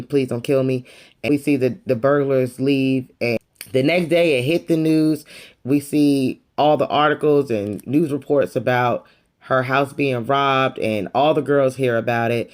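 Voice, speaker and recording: A woman giving a sassy, dramatic casual recap of a reality TV episode. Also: extremely low pitch. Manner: sassy, dramatic, calls the viewer honey. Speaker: YouTube reviewer.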